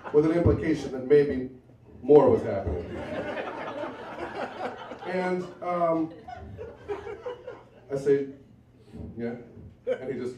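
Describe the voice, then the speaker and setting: A man's voice: mid-range voice, background noise. A man telling a true personal story live, in a wry, conversational way with asides. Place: bar venue with a live audience. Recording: roomy, from a distance, faint ambience.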